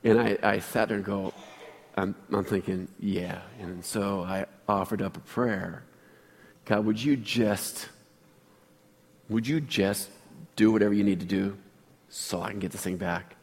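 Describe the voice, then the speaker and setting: A man's voice: fairly low pitch, fairly even intonation, measured pace, gravelly, pauses often, long reverb tail. A man preaching a sermon as pastor, telling a personal story in a chatty way and asking the congregation questions.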